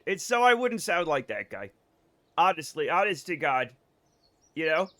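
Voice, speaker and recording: A man's voice: sits high, very animated, moderate pace, long pauses, sharp tone, no echo. A man with a faded Boston accent, joking and swearing through casual gameplay commentary on a live stream and laughing often. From Boston area.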